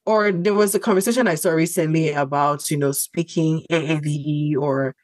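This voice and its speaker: A woman's voice: low voice, fairly even intonation, moderate pace, a little mellow, no echo. A woman co-hosting a casual discussion podcast, talking things through thoughtfully with frequent "like" and restarts. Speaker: podcast co-host.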